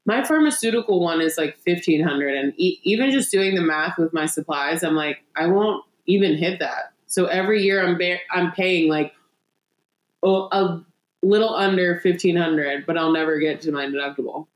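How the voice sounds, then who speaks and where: A woman's voice: on the low side, normal speed. A young woman co-hosting a podcast, venting in casual chat, exasperated and swearing as she acts out phone calls. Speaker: podcast co-host. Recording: roomy echo.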